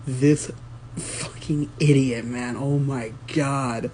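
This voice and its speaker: A man speaking slowly and lazily in a casual comedy skit, his talk loose and full of crude banter. His voice sits at a middle pitch. The delivery is unhurried and offhand. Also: fairly even intonation, a little mellow, slight background noise. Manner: crude, laid-back banter. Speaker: comedy video creator.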